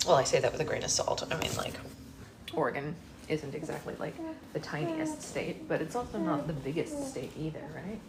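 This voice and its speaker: A chatty woman with a fairly low voice, hosting a live online book club while getting over a cold. She talks casually and answers viewer comments. A faint hum of room noise sits behind her. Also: big pitch swings, brisk. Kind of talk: casual livestream chat.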